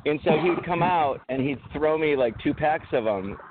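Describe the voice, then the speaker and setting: A man's voice: on the high side, animated, normal speed. A man co-hosting a podcast, telling rambling, profane stories in casual chat. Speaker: podcast co-host. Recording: tinny phone-like audio with faint noise.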